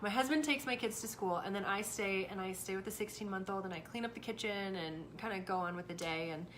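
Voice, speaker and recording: A woman's voice: medium pitch, quick pace. A woman in her thirties, a mother and co-host, chatting casually and acting out what she said to her kids. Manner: animated storyteller, acts out yelling and quotes. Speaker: podcast co-host, mother of four. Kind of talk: casual chat. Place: small home with a crock pot running. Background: faint household noise.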